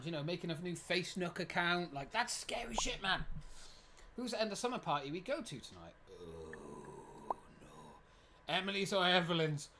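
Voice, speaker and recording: A streamer in their twenties, giving lively gameplay commentary, reading game text aloud and swearing often. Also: medium pitch, background noise. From United Kingdom. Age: 20s.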